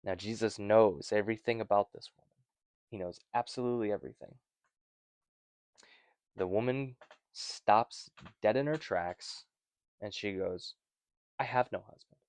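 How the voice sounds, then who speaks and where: Low-voiced man leading a casual Bible study. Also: unhurried, pauses often, darkish tone, smooth, no echo. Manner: conversational, wry, rambling asides.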